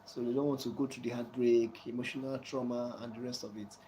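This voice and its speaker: A man's voice: medium pitch, little pitch movement, brisk, a little hiss or hum, low-quality recording. Preachy man. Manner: preachy, repeats "you understand?" often; soft chuckles between points. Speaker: channel host giving life advice. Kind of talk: casual advice talk to a viewer.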